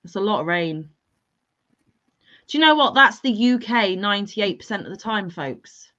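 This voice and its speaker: A woman's voice: medium pitch, lively intonation, moderate pace, bright, forceful tone. A woman hosting a livestream, chatting casually and teasing her guest and viewers. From England. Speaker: livestream host. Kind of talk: casual chat. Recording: dull lo-fi stream audio.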